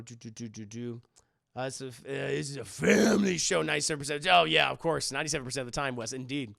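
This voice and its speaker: A man's voice: medium pitch, vocal fry, no room sound, studio quality. A man with a daughter, live-streaming, reading chat aloud and joking around in casual talk. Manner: joking, animated, quick impressions.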